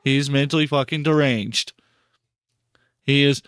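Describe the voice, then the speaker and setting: A man's voice: on the high side, expressive, unhurried, fairly bright tone, smooth, no echo, clean studio sound. A man hosting a live stream, talking casually and repeating himself in disbelief, stammering for words. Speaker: podcast host and streamer.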